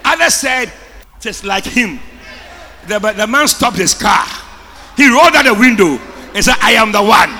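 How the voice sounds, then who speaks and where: A Ghanaian man preaching a sermon in a shouting, call-and-response style. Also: very high voice, lively intonation, moderate pace, pauses often, in a large hall, some chatter behind, slight background noise. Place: church service. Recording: preaching over loud music.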